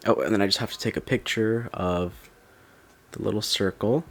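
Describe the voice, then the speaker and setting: A young man casually narrating a phone unboxing at home, excitable and rambling with many fillers and restarts. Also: fairly low pitch, moderate pace, a little hiss or hum. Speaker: tech vlogger. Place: dim room at home.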